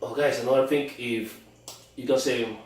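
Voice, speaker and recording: A man's voice: mid-range voice, fairly even intonation, normal speed, noisy background. A man coaching on dating, talking emphatically and often repeating and restarting his words. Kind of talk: instructional monologue. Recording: very echoey room, far from mic.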